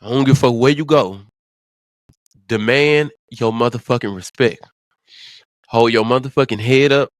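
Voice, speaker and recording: A man's voice: mid-range voice, moderate pace, long pauses, no echo, studio quality, pitched below the performer's own voice, lightly acted. A man retelling the words of a stern, towering male prison mentor, with blunt, profane commands in his own everyday voice.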